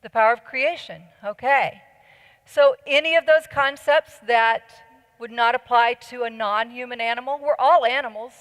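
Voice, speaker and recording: At a normal speed and in a fairly bright, slightly high voice, a middle-aged conference speaker makes an earnest, persuasive case, questioning the listeners. She is in a large hall, and the recording has a long reverb tail.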